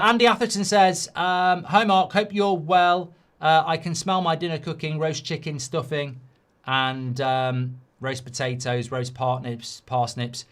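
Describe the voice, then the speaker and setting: A middle-aged man hosting a live football watchalong, reacting to the match and swearing loudly at poor defending. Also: fairly high pitch. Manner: swears and rants at bad defending.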